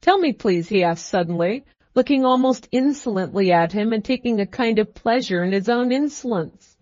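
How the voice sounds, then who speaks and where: A woman narrating an audiobook in an even, measured reading. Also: on the high side, no echo, highs cut off. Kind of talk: scripted narration.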